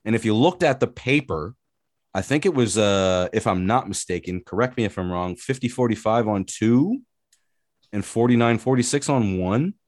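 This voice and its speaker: A man with a lowish voice co-hosts a casual sports talk podcast, ranting with energy and lots of swearing. His animated, profane delivery moves at a moderate pace, and the studio recording is clean and dry.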